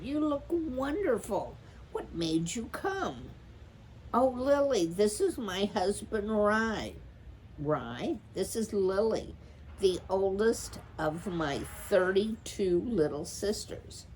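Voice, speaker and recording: A woman voicing an eager, talkative young mother mouse in a storybook reading, piling up excited questions. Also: medium pitch, slow pace, a little hiss or hum, voice pushed up.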